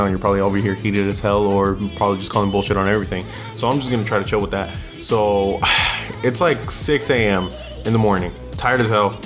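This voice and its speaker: Brief: young adult man, lowish voice, profane heated storytelling rant, music bed underneath. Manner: blunt, swears constantly, slangy and heated. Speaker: vlogger.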